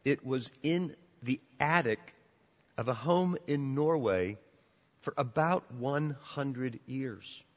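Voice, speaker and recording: A man preaching a sermon as pastor, animated and emphatic, often repeating words as he builds to his points. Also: medium pitch, slow. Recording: dull sound with long church reverb.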